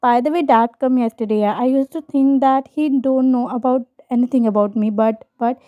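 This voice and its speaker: A woman's voice: on the high side, steady tone, fairly quick, dry recording, natural voice. A woman voicing a young mafia husband who speaks hesitantly and plainly. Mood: guilty. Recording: dull lo-fi recording.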